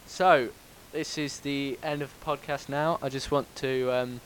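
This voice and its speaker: A man's voice: medium pitch, fairly even intonation, unhurried, a bit bright, slight background noise. A man hosting a casual podcast, joking and laughing, with plenty of ums. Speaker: podcast host. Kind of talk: casual banter.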